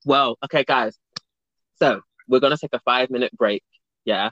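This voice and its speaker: A man's voice: mid-range voice, normal speed, bright, forceful tone, no room sound. A man hosting a casual chat, playful and giggly, breaking into bits of song. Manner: playful, giggly, bursts into singing. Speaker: podcast host. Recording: dull, dry, lo-fi sound.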